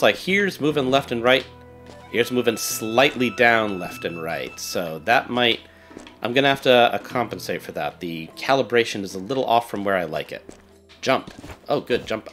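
A man's voice: mid-range voice, fairly bright tone. A man chats through a let's-play video, playful and sarcastic as he reacts. His voice sits in a middle register but moves around a great deal. The talk is loose and casual. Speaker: game streamer.

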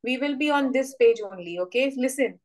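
A woman's voice: sits high, expressive, a little fast, a little mellow, low-quality recording. A woman with an Indian English accent teaching children in an online storybook class, explaining and coaxing with repeated words for emphasis.

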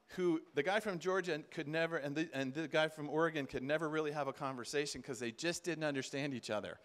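A man speaks from a conference stage in an animated storytelling style. He adds humorous asides and acts out the voices in his anecdotes. His voice sits a little on the high side for a man. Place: conference stage before a live audience.

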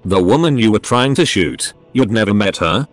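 A man's voice: on the low side, lively intonation, normal speed, dry recording, faint music behind, close to an everyday voice. A man doing a shrewd, patient interrogator. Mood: probing. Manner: probing and patient.

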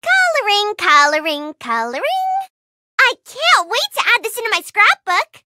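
A woman's voice: very high-pitched, sing-song, moderate pace, pushed and bright, no room sound, clean studio sound, full character voice. A woman voicing a bubbly, cheerful young female unicorn kitten in a cartoon, talking in a perky, sing-song way. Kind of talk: cartoon voice acting.

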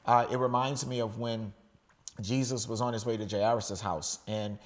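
A middle-aged American man preaching a sermon in a relaxed, conversational way, often checking in with "okay?" and restarting his phrases. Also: mid-range voice, normal speed. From United States. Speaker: pastor.

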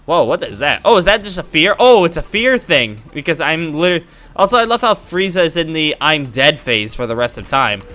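A man giving goofy, excitable commentary while playing a video game. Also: a little high, brisk, faint music behind. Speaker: gaming YouTuber. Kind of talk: casual let's-play commentary.

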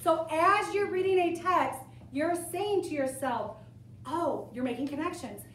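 Casting: high-voiced young woman teacher, chatty and animated, in an echoey classroom caught from a distance. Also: a little slow, a little hiss or hum. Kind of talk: classroom lesson to students. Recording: echoey room, camera from far off.

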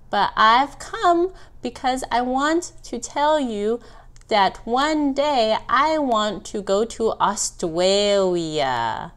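A lady doing a goofy little baby puppet, high and squeaky, slow and drawn out, stubborn. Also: smooth, heavily acted. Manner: silly voice that mispronounces words. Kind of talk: puppet show for children.

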